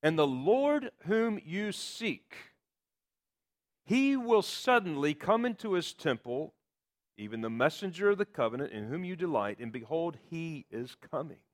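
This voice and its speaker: A man's voice: on the high side, very animated, measured pace. Man preaching an expository sermon. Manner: expository preaching with emphatic quoted scripture. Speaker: pastor.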